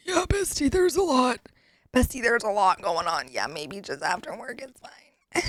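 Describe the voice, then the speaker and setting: A woman's voice: medium pitch, no room sound, studio quality. A woman streamer chatting casually with her viewers, giggly and playful, with casual swearing.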